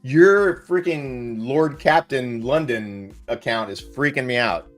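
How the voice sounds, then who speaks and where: A man's voice: medium pitch, takes it slowly, faint music behind. A man hosting a casual livestream chat, jokey and a bit scattered, laughing often.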